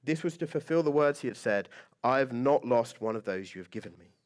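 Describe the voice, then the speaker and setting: A man's voice: medium pitch, animated, fairly quick. A man preaching a sermon as pastor, conversational and joking, with lots of rhetorical questions.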